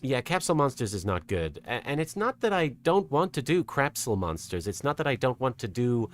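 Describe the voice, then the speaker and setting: A soft-spoken streamer with an English accent drifting toward American, chatting casually with a live chat and working toward a lighter, more feminine voice placement. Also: mid-range voice, big pitch swings, a little fast. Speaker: streamer and host. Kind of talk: casual livestream chat, reading out chat.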